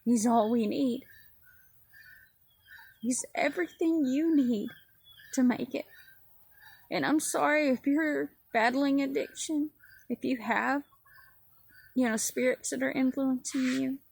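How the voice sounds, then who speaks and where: A woman's voice: sits high, a little slow, gravelly, husky, no room sound, rough recording. A woman giving a personal testimony sermon in an earnest, repetitive preaching cadence. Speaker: ministry speaker.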